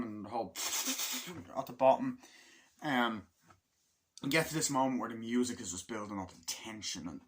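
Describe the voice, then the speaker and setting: A man giving a casual film review in a rambling way, with lots of fillers, swearing and laughter. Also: medium pitch. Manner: rambling, full of fillers and profanity, laughs often.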